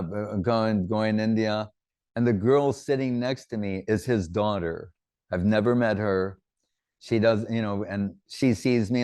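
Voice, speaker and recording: A man's voice: lowish voice, darkish tone, clean tone, no echo, clean studio sound. A man giving an informal religious talk, drifting from teaching into rambling personal anecdotes.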